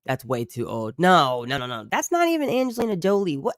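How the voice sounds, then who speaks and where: A man's voice: high voice, fast, no echo, clean studio sound. Profane, rambling man streaming live. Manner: profane, rambling, animated asides to chat. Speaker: true crime streamer and musician. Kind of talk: casual live-stream chat reading chat.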